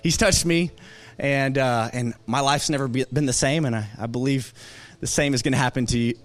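A young man preaching a conversational sermon to a church crowd, animated and joking as he tells stories with lots of fillers. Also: medium pitch, brisk. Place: church service.

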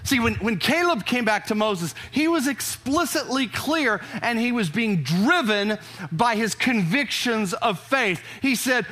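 A man's voice: extremely high pitch, lively intonation, a little slow, sharp tone. A man preaching a sermon to his congregation in an emphatic, conversational way, often restarting his phrases. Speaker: pastor. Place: church service before a congregation.

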